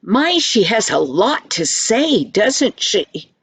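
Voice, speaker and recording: Older woman reading a jolly, kindly uncle for a children's story; gentle, teasing, very slow delivery. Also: mid-range voice, big pitch swings, husky, no echo, exaggerated voice. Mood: amused.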